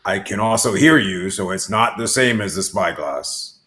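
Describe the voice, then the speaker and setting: A man in character as a pirate captain in a tabletop game, talking slowly and hesitantly. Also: sits low, animated, a bit bright. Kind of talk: in-character tabletop role-play.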